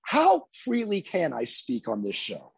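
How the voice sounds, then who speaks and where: Husky man telling a lively tour story. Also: a little high, unhurried, no echo. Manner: animated anecdote telling, lively. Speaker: guest musician. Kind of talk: casual storytelling.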